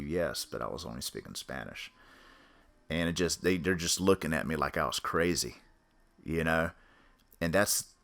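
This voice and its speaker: Low-voiced man telling a story. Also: a bit bright. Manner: rambling, full of fillers and restarts. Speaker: podcast storyteller. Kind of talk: casual spoken storytelling.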